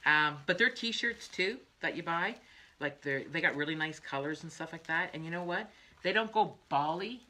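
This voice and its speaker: A woman's voice: fairly low pitch, lively intonation, moderate pace, pushed and bright. An older woman hosting a craft livestream, chatting in a rambling way, laughing often and drifting into asides. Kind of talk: rambling casual chat.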